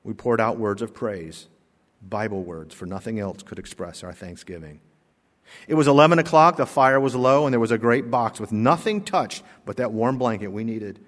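A man's voice: on the low side, animated, normal speed. A man preaching a sermon as a pastor, reading a story aloud earnestly and rising to emphatic exclamations. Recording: long hall reverb.

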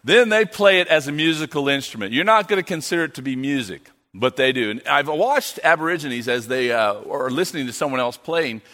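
Middle-aged male missionary, bright forceful voice, playful church talk in a reverberant hall. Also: medium pitch, lively intonation, fairly quick, hardly any pauses. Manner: joking, playful with the audience. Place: church sanctuary. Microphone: handheld or stand mic.

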